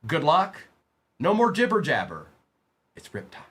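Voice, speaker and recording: Slightly high and bright, this man's voice swoops wildly in pitch as he runs a trading card break on a livestream. In casual chat he addresses viewers by name and reads out lists of players at speed.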